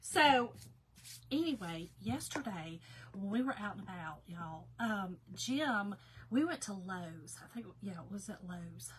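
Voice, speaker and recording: A woman's voice: mid-range voice, animated, measured pace, background noise. A woman, chatting folksily to viewers during a casual craft tutorial and laughing often. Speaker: craft vlogger.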